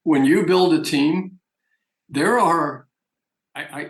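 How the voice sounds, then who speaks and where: Speaking slowly in a voice on the high side, a man gives an emphatic, persuasive pitch for a network marketing business opportunity. Audio quality is poor, and the room echoes.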